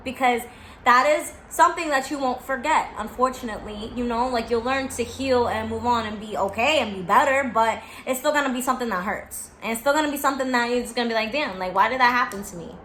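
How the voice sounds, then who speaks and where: A woman's voice: a little high, bright, forceful tone, reverberant, a little hiss or hum. A woman in her twenties talking candidly to camera, blunt and profane, repeating her reassurances for emphasis. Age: 20s. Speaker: vlogger.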